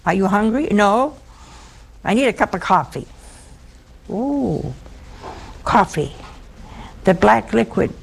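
A woman's voice: medium pitch, expressive, slow pace, creaky, pauses often, slightly rough. A woman preaching a sermon in a folksy, humorous storytelling manner, acting out bits of dialogue.

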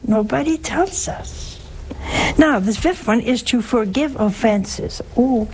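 A woman's voice: on the high side, animated, slow pace, darkish tone, a little hiss or hum, rough recording. A woman, older in years, giving a spoken sermon in a folksy, humorous way, often asking the audience questions. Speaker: religious teacher. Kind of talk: spoken sermon on works of mercy.

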